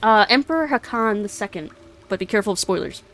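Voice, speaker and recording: A woman's voice: mid-range voice, animated, fast, a bit bright. Giggly, rambling young woman streamer. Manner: rambling, giggly, self-correcting. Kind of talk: casual gaming commentary.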